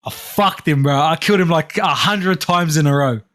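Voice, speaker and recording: A man's voice: fairly high pitch, normal speed, a bit bright. A man co-hosting a podcast, brash and slangy, swearing a lot in casual chat. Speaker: podcast co-host.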